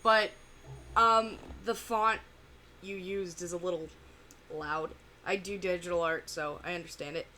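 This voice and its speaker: A woman talks her way through a reaction video. She rambles, stops and restarts, and leans on fillers. Her voice sits slightly low but sounds very bright, with a faint hiss underneath. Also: fairly even intonation. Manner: rambling, many fillers and pauses. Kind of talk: casual reaction commentary.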